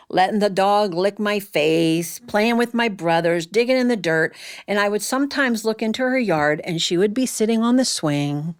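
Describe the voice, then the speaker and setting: A woman storyteller speaking to a live audience in a humorous, chatty way, teasing her listeners. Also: mid-range voice.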